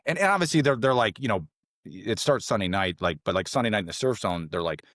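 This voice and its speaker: A deep-voiced, middle-aged man recounts his training days with rambling energy, piling on fillers and restarts. He leaps into a high, squeaky voice whenever he quotes someone. The sound is dry and close, with no room around it. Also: brisk, no echo. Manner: rambling, animated storytelling with many fillers and restarts; jumps to a high voice when quoting others. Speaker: podcast guest, former SEAL trainee. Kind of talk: casual storytelling interview.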